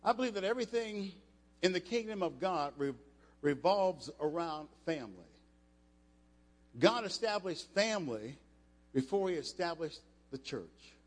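Older male preacher, emphatic, fairly high voice, long hall reverb. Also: expressive, normal speed. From United States. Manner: emphatic, rising to loud passages, with restarts. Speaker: preacher, former football player. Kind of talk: sermon. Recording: echoey hall.

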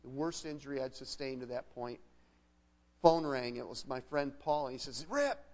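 A man's voice: mid-range voice, steady tone, normal speed, a little mellow. A middle-aged man, a guest pastor, preaching a sermon as a conversational personal story with frequent restarts. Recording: long hall reverb.

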